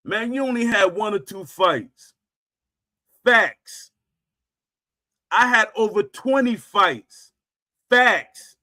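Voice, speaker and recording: Emphatic high-voiced man ranting slowly. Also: pushed and bright. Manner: emphatic, repetitive, punctuates claims with "Facts". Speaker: streamer host. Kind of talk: ranting monologue to viewers.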